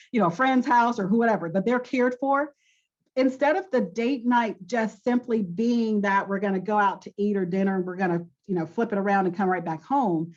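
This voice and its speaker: A woman's voice: medium pitch, a little mellow, dull audio. A woman, a guest expert on marriage, giving frank, chatty answers and laughing often. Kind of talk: candid interview answer.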